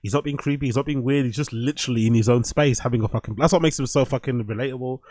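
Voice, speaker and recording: Male host, mid-pitched, dry recording, blunt mocking clip commentary. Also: racing, no room sound. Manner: blunt, heavy swearing, animated mocking. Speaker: show host. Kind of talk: casual commentary reacting to clips.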